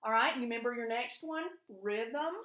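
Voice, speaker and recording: A woman teaches a recorded reading lesson to young pupils. She speaks in a somewhat high voice, patient and guiding, and keeps asking them questions. The room has a noticeable echo. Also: moderate pace, sharp tone. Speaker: elementary school teacher. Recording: echoey room.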